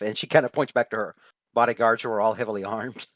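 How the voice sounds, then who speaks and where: A low-voiced man narrates a tabletop role-play as game master, stopping often to search for words. The sound is dry and close. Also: fairly even intonation, quick pace, a bit bright, no echo. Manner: hesitant narration full of uhs.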